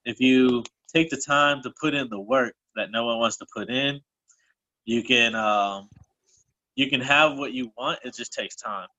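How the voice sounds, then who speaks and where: A man's voice: medium pitch, measured pace, sharp tone, highs cut off. A man telling a personal story casually on a group call, a little out of breath, rambling and correcting himself as he goes. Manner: loose, rambling, self-correcting.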